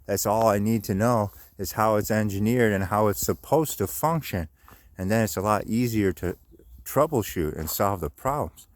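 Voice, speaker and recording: A man's voice: deep voice, brisk. A middle-aged man rambling on a phone vlog, swearing often and restarting his sentences. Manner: rambling, profane, lots of restarts and fillers. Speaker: vlogger. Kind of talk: casual rambling monologue. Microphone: handheld phone.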